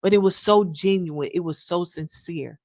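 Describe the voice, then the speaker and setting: Earnest woman podcaster, low dry voice. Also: moderate pace, a little mellow, no echo. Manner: earnest, addresses listeners as "y'all", acts out quotes. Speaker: podcast host. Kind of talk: casual reflective monologue.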